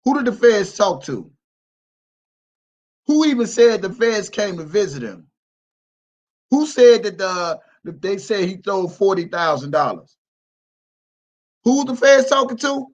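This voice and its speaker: A man's voice: high voice, expressive, measured pace, long pauses, rough recording. A man hosting a livestream, ranting in a mocking, repetitive, profane way. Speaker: livestream host. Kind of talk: heated livestream rant.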